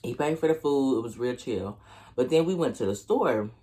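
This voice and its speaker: Profane, animated young man telling a story. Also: mid-range voice, normal speed. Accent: Oklahoma. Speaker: vlogger. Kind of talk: storytime mukbang.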